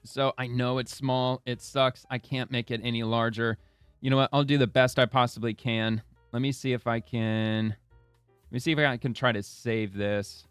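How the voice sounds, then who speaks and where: A man's voice: medium pitch, steady tone, normal speed, clear, resonant tone, no echo, soft background music. A man hosting a casual political commentary show, reading a press release aloud and breaking in with blunt, profane asides.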